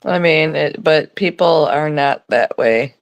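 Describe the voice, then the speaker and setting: A woman's voice: low voice, unhurried, creaky, no room sound. A middle-aged woman telling stories in a casual live chat, acting out the voices she quotes, on a phone mic. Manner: chatty storytelling, acts out quoted voices. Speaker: co-host.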